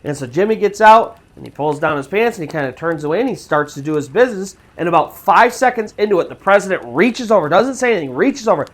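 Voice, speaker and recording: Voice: mid-range voice, expressive, fast, few pauses. A storytelling channel host narrating a true scary story in a casual, conversational way with fillers.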